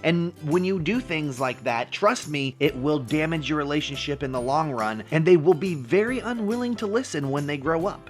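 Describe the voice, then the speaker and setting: A man's voice: on the high side, a bit bright. A young man hosting a casual dog-training vlog from home. He is playful and jokey and calls viewers bro. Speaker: dog trainer and video host. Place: home with his dogs.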